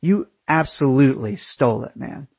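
A blunt young backpacker friend, as a man puts him on while reading a story, talking in loose, casual slang. The voice has a husky edge and a dry, close sound. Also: medium pitch, animated, normal speed, a little mellow, no echo.

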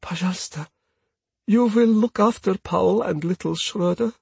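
A man voicing an anxious young Russian village woman who speaks broken English in a hurried, pleading way. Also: sits high, vocal fry, a little mellow, husky, no room sound, voice pushed up, full character voice.

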